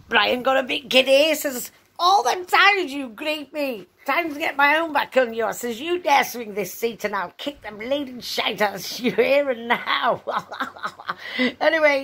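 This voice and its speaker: A woman's voice: mid-range voice, vocal fry, fairly bright tone, slight background noise. A woman telling a rambling story to her viewers in a casual vlog, chatty and swearing freely. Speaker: vlogger.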